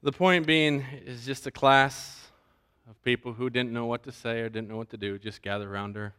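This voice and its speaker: A man pastor preaching a sermon, animated and acting out the voices he quotes. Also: medium pitch, normal speed, clear, resonant tone.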